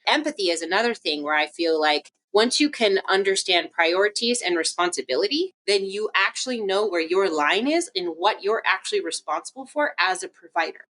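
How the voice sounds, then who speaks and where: A woman's voice: medium pitch, lively intonation, fairly quick, hardly any pauses, fairly bright tone. A young adult woman, a physical therapist guest on a casual podcast interview, telling stories animatedly and acting out quoted dialogue.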